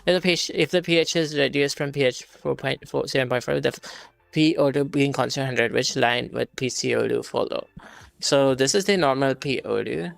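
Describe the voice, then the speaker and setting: Gravelly man muttering through study questions. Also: medium pitch, normal speed, no room sound. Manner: muttering, swears in frustration, reads questions aloud. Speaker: streamer. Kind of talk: casual study stream.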